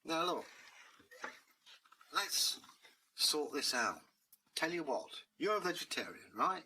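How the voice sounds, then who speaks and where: A man's voice: on the high side, big pitch swings, slow pace, bright, forceful tone, a little hiss or hum, heavily acted, low-quality recording. A man voicing Dave, a blunt, streetwise male cat who talks like a matey bloke. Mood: persuasive.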